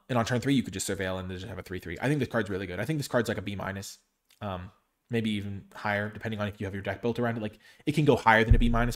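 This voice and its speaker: Male reviewer, rapid casual delivery, mid pitch, thinks aloud with ums. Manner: rapid, thinking aloud with fillers and self-corrections. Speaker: card game reviewer. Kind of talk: casual solo review talk.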